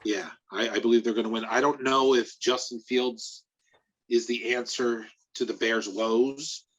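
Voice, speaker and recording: A man who writes about sports, chatting on a podcast in a hesitant, halting way, with a husky voice. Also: mid-range voice, steady tone. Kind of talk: casual sports podcast chat. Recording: dull lo-fi recording.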